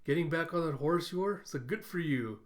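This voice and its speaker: A man's voice: fairly high pitch, lively intonation, brisk, pitched above the performer's own voice, close to an everyday voice. A man voicing an upbeat, meddling male coworker in a lightly raised voice. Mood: cheerful.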